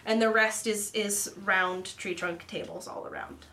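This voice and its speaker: A woman's voice: medium pitch, fairly even intonation, unhurried, sharp tone. A young woman narrating a tabletop game as game master, casual and rambling. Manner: casual, rambling, laughs often.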